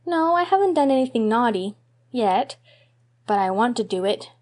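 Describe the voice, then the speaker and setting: A woman's voice: fairly high pitch, moderate pace, natural voice. A woman reading an audiobook, voicing an eager, mischievous little boy in a raised, childlike voice. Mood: pleading. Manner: excitable, pleading, childlike.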